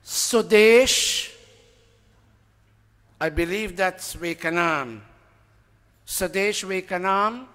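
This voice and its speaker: A man with a high-pitched, slightly bright voice speaks very slowly, leaving long pauses, while reading donor names to a temple gathering. In the reverberant hall his informal announcements wander chattily as he asks the audience for help and concedes when he can't recall a name.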